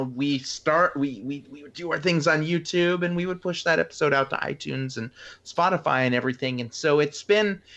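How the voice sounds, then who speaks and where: Co-host dude, bright voice, eager, keeps restarting his sentences. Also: medium pitch, lo-fi sound. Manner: enthusiastic, repeats words when starting a thought. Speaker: podcast co-host. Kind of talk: casual chat.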